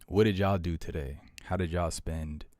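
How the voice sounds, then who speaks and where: A man's voice: low voice, fairly even intonation, moderate pace, darkish tone, no echo. A young man hosting a livestream, chatting casually with viewers and repeating himself in a laid-back way. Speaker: livestream host.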